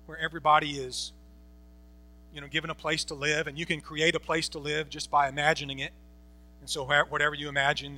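A man's voice: on the high side, bright, forceful tone. A man preaching a Bible-teaching sermon, emphatic, repeating phrases and asking rhetorical questions. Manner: asks the congregation rhetorical questions.

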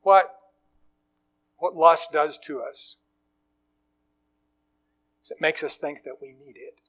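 Earnest preacher with a fairly high voice. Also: male voice, slow pace, a bit bright. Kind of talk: sermon with story reading.

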